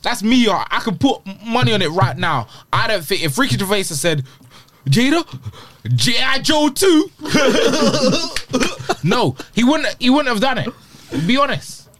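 Animated young man, high lively voice. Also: measured pace, slight background noise. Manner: animated, teasing, laughs often. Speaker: podcast co-host. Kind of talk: casual chat.

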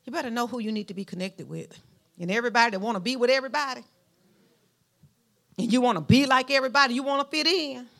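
Southern lady preacher w/ alabama drawl, kinda high voice, gravelly bits, folksy sermon talking right to the church. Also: fast, long pauses. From Mount Vernon, Alabama, US. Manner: animated preaching with a lively pitch, rising to emphatic peaks; folksy, speaks directly to the congregation.

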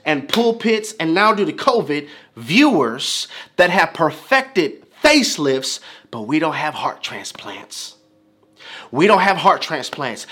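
Animated, bright-voiced male preacher. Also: high-pitched. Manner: emphatic, repeating phrases, building in intensity. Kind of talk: sermon.

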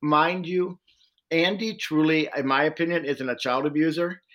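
In an interview, a social worker and domestic violence trainer earnestly retells a long personal story, animatedly voicing the people he met along the way. His voice is a little high and his pace moderate.

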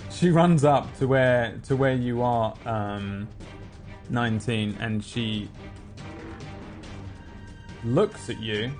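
A man narrating as game master, relaxed and halting, with plenty of fillers and made-up sound effects. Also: mid-range voice, music in the background.

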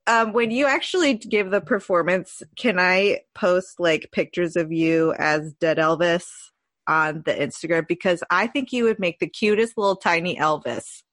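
A woman's voice: fairly low pitch, normal speed, fairly bright tone, no echo, clean studio sound. A woman hosting a podcast, chatting casually, teasing and giggling apologetically. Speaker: podcast host. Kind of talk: casual chat.

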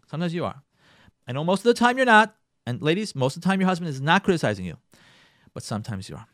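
A man's voice: fairly high pitch, fairly bright tone, no echo, studio quality. A man hosting a radio advice talk, speaking emphatically, repeating phrases and acting out quotes from husbands and wives. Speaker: radio host giving marriage advice. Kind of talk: Jewish community radio talk.

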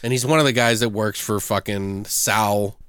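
A man's voice: on the low side, steady tone, normal speed, fairly bright tone, clear, resonant tone, no room sound, clean studio sound. A man chatting casually about a movie, swearing often and acting out lines in funny voices.

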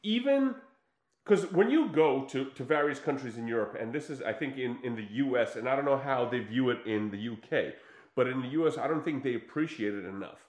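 A man's voice: mid-range voice, animated, fairly quick. A man chatting casually as a podcast host, enthusiastic and often hesitating to search for names. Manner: enthusiastic, hesitant, gropes for names with many fillers. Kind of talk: casual chat. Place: room, in studio with guest. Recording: echoey room.

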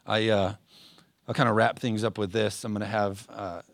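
Male pastor, low gravelly voice, earnest sermon delivery with many ums and restarts, soft guitar behind. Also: flat delivery, moderate pace, dry recording. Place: church service. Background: soft guitar playing.

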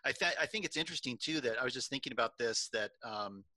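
A middle-aged man hosting a faith-based talk, asking reflective, measured questions. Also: mid-range voice, animated, pushed and bright, no echo, rough recording. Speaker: podcast host.

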